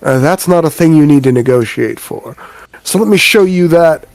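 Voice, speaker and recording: A man's voice: fairly high pitch, expressive, moderate pace, dry recording. A man voicing a smug male mercenary businessman who talks blunt and breezy, with faint music behind. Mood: businesslike.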